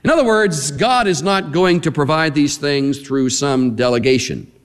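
A man preaching a sermon in an animated, emphatic way, leaning hard on single words. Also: fairly high pitch, normal speed. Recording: long reverb of a large hall.

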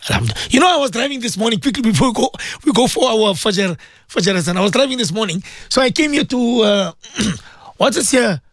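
A man hosting a religious radio show as a cleric, speaking emphatically and repeating phrases, his throat sore and often cleared. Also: sits high, lively intonation, a little fast, fairly bright tone, no room sound, studio quality. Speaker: radio host and Muslim cleric. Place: radio studio.

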